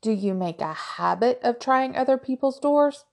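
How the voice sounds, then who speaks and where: A woman reading the lines of a calm werebear man who answers with wry, dry questions, in an audiobook. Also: on the high side, moderate pace, gravelly, voice pushed up.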